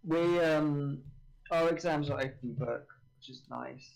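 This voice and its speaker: A man's voice: on the high side, slow pace, creaky, a little mellow, poor audio. A young man, a university student, chatting casually as a stream guest in a laid-back, dry way. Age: young adult.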